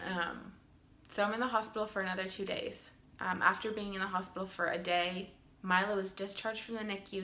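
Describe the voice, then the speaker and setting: In a room at home, a woman in her twenties tells her own birth story to the camera in a casual, earnest way, often saying "um." Her voice is medium-pitched, bright, and pushed.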